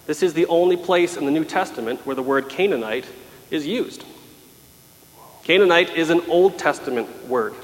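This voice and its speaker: A man's voice: fairly high pitch, a bit bright. Man preaching in a reverberant hall. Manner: emphatic, dramatic voicing of pleas. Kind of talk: sermon.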